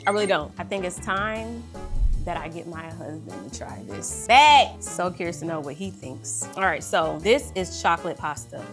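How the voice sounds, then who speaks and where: A woman's voice: fairly low pitch, moderate pace, faint music behind. A woman hosting a casual cooking vlog, talking animatedly to her viewers as she cooks and tastes. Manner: animated, talks to viewers as y'all. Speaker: cooking vlogger host.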